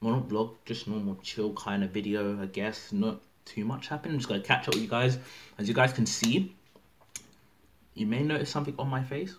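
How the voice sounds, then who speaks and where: A man's voice: lowish voice, brisk, noisy background. An eighteen-year-old man chatting casually to camera, rambling and full of fillers. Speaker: vlogger. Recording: music playing loudly behind.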